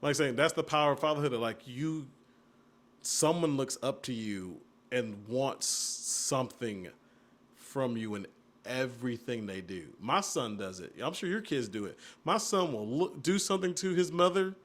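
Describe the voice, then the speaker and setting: A young man chatting on a podcast, telling stories about his family and slipping into the voices of the people in them. His pitch sits in the middle for a man. He talks loosely and casually. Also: normal speed. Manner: storytelling, animated retellings of family moments. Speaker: podcast co-host. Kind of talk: casual chat.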